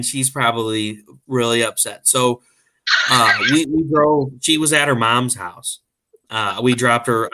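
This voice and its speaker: Male host, bright tone, mid pitch, animated casual storyteller. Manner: animated, joking.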